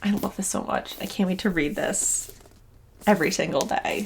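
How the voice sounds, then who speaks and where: A woman's voice: medium pitch, normal speed, vocal fry, slight background noise. Chatty young woman vlogger, gushing, casual and unscripted. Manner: gushing, chatty, rambling with restarts. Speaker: knitting vlogger and yarn dyer. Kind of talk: casual vlog chat.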